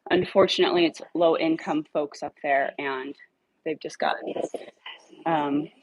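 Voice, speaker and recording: A woman casually telling a dog rescue story, animated, swearing now and then and acting out her own lines. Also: measured pace, no room sound, dull audio. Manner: animated, acts out her own dialogue in a higher voice; swears casually when irritated.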